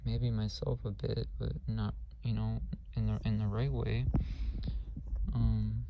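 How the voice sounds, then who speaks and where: A man hosting his own channel, talking casually about spirituality in a rambling, earnest, profane way, and saying his energy is low. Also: level tone, slow, gravelly, highs cut off, very noisy. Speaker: channel host. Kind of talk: casual spiritual vlog monologue.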